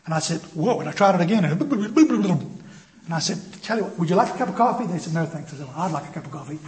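A male pastor preaching a sermon, telling a personal story in an animated, self-deprecating way and acting out the voices in it. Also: high voice, fast talker. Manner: animated, self-deprecating, acts out quoted dialogue. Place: church.

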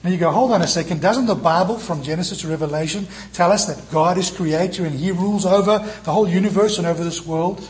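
A man preaching a sermon in church, moving between lively emphatic passages and soft, tender quoted lines. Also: sits high, fast talker, few pauses. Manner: animated preaching, quoting scripture in soft tender tones. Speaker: pastor.

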